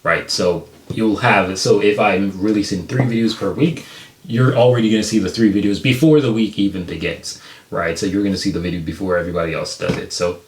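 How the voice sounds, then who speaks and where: American dude doing reaction commentary, kinda low voice, roomy echo, gets hyped and laughs a lot. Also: male voice, brisk, slight background noise. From United States. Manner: excitable, laughing, slangy, jumps high in pitch when excited. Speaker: reaction video host.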